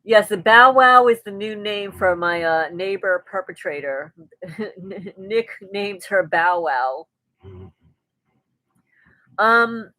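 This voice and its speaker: A woman's voice: mid-range voice, pushed and bright, dry recording, poor audio. A woman hosting a casual live stream, reading viewers' comments aloud and answering them in a chatty way. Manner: chatty, with frequent restarts and light laughter.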